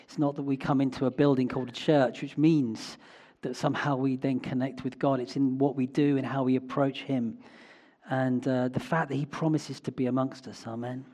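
A man preaching a sermon in a church, reflective and often pausing with small fillers. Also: mid-range voice, level tone, warm tone.

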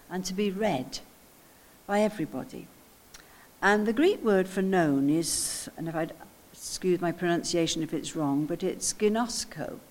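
A woman's voice: medium pitch, darkish tone. A woman preaching a sermon, reflective and explanatory, stressing key words through repetition. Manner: reflective, explains word meanings with emphatic repetition.

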